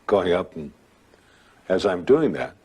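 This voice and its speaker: Older man with a deep husky voice. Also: big pitch swings, dark tone. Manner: rambling, with dramatic pauses and acted quotes. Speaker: storyteller. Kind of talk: telling a ghost story.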